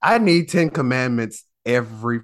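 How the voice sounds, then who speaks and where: A man co-hosting a podcast in casual chat, animated and profane, stammering and restarting as he talks. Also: mid-range voice, normal speed. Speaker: podcast co-host.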